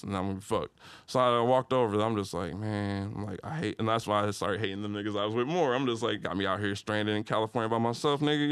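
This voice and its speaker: As a guest on a podcast, a young Detroit man recounts a story in easygoing slang, leaping into loud, high-pitched retellings. The sound is smooth and echo-free.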